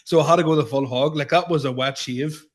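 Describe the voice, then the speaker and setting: A man in his thirties co-hosting a comedy podcast. He talks in a relaxed, easygoing way. He laughs often and lets his sentences trail off. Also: a little high, fast. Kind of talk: casual comedic chat.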